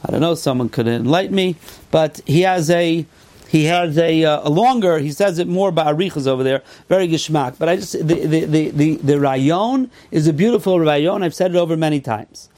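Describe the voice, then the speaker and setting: High-voiced man giving a lively Torah class. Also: normal speed. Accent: American yeshiva English with Yiddish and Hebrew terms. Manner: lively sing-song reading of Hebrew texts, sudden swings in pitch. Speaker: Torah teacher. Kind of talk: Talmudic lecture.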